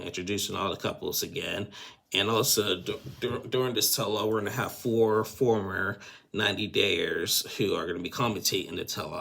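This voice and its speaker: A man's voice: on the low side, vocal fry, pushed and bright. A man casually recapping a reality show episode, chatty and opinionated, with lots of fillers and restarts.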